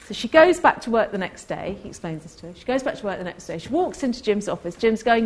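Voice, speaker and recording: A woman telling a workplace story in a talk, animated and acting out the people she quotes. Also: medium pitch, quick pace, few pauses. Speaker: co-host.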